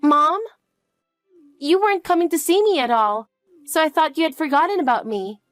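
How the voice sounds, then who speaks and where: A woman voicing a timid, clingy little girl who asks and pleads in a high, eager voice. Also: lively intonation, moderate pace, a bit bright, dry recording, soft background music. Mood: pleading.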